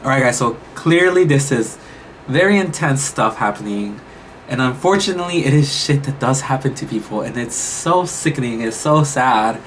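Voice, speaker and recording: A man's voice: medium pitch, animated, moderate pace, slight background noise, rough recording. A young man reacting to a show episode, talking casually and emotionally with lots of exclamations and restarts. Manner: emotional, exclamatory, thinks aloud with many restarts. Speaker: reaction YouTuber.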